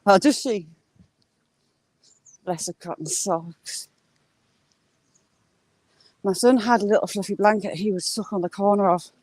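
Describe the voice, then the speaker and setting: A woman's voice: medium pitch, a little slow, pauses often, a little mellow, no echo. A middle-aged woman with a mixed Yorkshire, Geordie and Cumbrian accent, chatting casually to viewers on a live-stream while she walks outdoors through rural fields. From northern England. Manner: chatty, rambling, answers viewers' comments. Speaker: vlogger live-streaming a walk.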